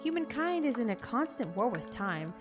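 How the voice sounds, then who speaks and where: A young adult woman playing a game on camera, reading its text aloud and reacting in an expressive, jokey way, with bursts of loud disbelief. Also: fairly high pitch, moderate pace, over music. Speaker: gaming content creator.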